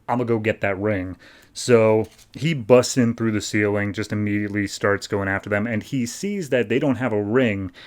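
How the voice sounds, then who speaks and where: A man's voice: lowish voice, normal speed, hardly any pauses. A man hosting a podcast, recapping and reviewing comics in loose, chatty talk full of "like". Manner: loose, filler-heavy talk with frequent "like". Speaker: podcast host.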